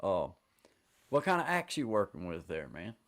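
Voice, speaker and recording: A man's voice: sits low, wildly swooping pitch, normal speed, a bit bright. A man hosting a livestream from a room at home, chatting in a laid-back, friendly way on a computer mic. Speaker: livestream host. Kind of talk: casual chat. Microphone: computer mic on a streaming call.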